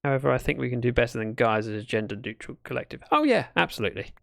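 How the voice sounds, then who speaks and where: British male streamer, chatty, mid-pitched with some fry, animated delivery. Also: very fast, no room sound. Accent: British English. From Britain. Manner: chatty, thinks aloud while building, talks to chat. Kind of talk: casual livestream chat while gaming.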